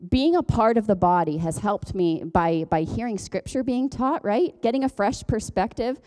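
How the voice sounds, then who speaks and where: A woman's voice: medium pitch, moderate pace, darkish tone. Chatty woman pastor preaching. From Ontario, Canada. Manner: chatty, self-deprecating, jokes and laughs often. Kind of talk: conversational sermon.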